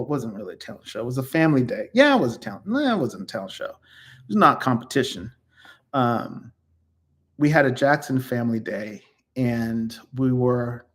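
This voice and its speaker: A man in his fifties, speaking at an everyday middle pitch, reminisces casually about his own life. He rambles, trips over his words and corrects himself, filling the pauses with ums. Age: 50s. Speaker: YouTuber reflecting on his life. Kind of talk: casual personal storytelling.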